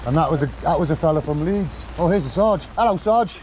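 A man's voice: a little high, fast, a crowd in the background, poor audio. Cheeky Northern English man teasing police. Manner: cheeky, teasing, mock-flattering. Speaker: photography auditor filming police. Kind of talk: joking street banter. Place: outdoors on a street in the rain.

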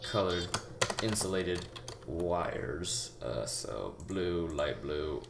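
Low gravelly man rambling through a tutorial. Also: animated. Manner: rambling, halting, many fillers and restarts; breathy, out-of-breath delivery. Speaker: game tutorial maker. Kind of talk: casual gameplay tutorial. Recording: echoey room with loud background noise. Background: keyboard typing and mouse clicks.

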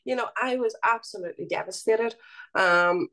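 A woman's voice: medium pitch, fairly bright tone. A woman with a Belfast accent, speaking earnestly as an interview guest and often stopping to restart her sentences. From Northern Ireland. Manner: earnest, halting with fillers and restarts. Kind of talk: interview conversation.

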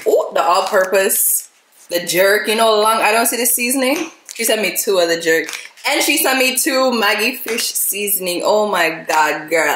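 A young woman from Jamaica, chatting excitedly and directly to her viewers in a casual vlog. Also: medium pitch, echoey room, background noise. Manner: excitable, talks straight to viewers. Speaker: vlogger.

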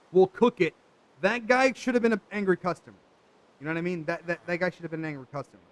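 Chatty high-voiced young man gaming. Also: low-quality recording. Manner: chatty, talks to viewers, jokey asides. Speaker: gaming channel host. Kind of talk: casual let's play commentary.

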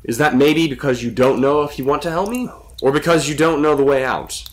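A man's voice: fairly high pitch, fairly quick, voice pushed up, lightly acted. Man playing an anxious young man trapped underground. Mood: frustrated. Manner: urgent, pressing questions.

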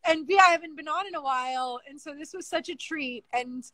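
A woman's voice: high-pitched, fairly quick, a little hiss or hum. A woman chatting as a guest on a casual live stream, gushing with praise. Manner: effusive and warm in praise. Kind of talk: casual chat.

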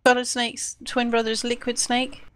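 A woman's voice: on the high side, completely flat delivery, moderate pace, fairly bright tone, smooth. A young woman playing a quiz while gaming, giggly and playfully bluffing. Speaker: quiz contestant and gamer. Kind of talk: casual gaming chat with friend.

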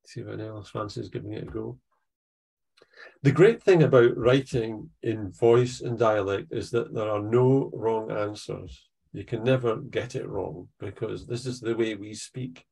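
A middle-aged man, leading an online poetry workshop over a video call in an encouraging, unhurried way. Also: fairly low pitch, vocal fry, a little mellow, husky. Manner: encouraging, unhurried, reads poems aloud.

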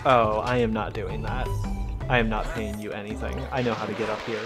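A man's voice: fairly low pitch, level tone, brisk. A man hosting a let's play, giving casual, joking commentary that pokes fun at the game and breaks into laughs often. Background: game music.

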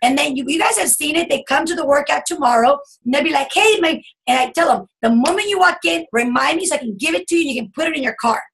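A woman giving an animated sales coaching talk over a video call, acting out bubbly chatter as she teaches. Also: high-pitched, fast talker, gravelly, hardly any pauses, a little hiss or hum, rough recording. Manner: animated, acts out bubbly customer chatter in a squealing voice. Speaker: guest speaker coaching a sales team.

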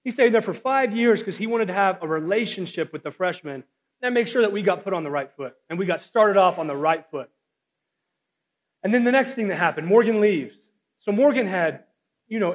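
A young man in his twenties giving an earnest guest sermon testimony, telling stories with casual "like" fillers. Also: high-pitched. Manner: earnest storytelling, frequent "like" fillers. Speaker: guest speaker. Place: church hall. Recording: dull sound with long hall reverb.

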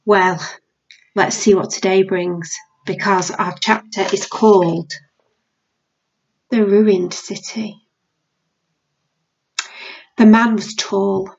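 A woman's voice: medium pitch, steady tone, slow pace, creaky, long pauses, husky, dull audio. A British woman teacher reading a novel aloud to her class.

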